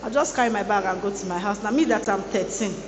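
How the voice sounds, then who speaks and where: A woman giving a lively motivational sermon to students, playfully teasing the audience. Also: mid-range voice, quick pace, crowd noise. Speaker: guest speaker at a student boot camp. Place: large hall. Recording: echoey large hall.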